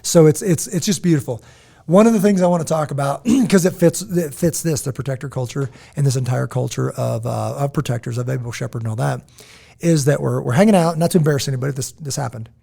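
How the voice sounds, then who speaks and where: Mellow-voiced man telling stories on a podcast. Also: mid-range voice, quick pace, gravelly, slightly rough. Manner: animated, rambling storyteller with frequent "right?". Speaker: podcast co-host. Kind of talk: casual podcast storytelling.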